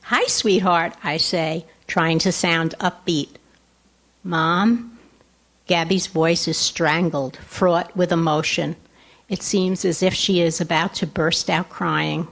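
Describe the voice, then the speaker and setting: A woman, a writer reading a personal essay aloud at a lecture. She breaks into quick conversational asides, then reads more slowly and carefully. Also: on the low side, flat delivery, vocal fry, a bit bright. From Long Island, New York. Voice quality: nasal. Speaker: writer reading her work.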